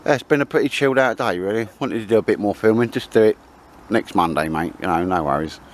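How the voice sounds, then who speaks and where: A man's voice: on the low side, fast, a little hiss or hum. A British man chatting casually to camera in a camping vlog from the woods, rambling with cheeky asides. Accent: British English. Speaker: outdoor vlogger. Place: outdoors in woods at a camp.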